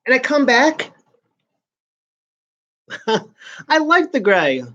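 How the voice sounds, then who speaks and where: A man's voice: extremely high pitch, very animated, extremely slow, pushed and bright, dull audio. A man hosting his own vlog in casual chat, rambling along with frequent restarts and sentences that trail off. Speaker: vlogger host.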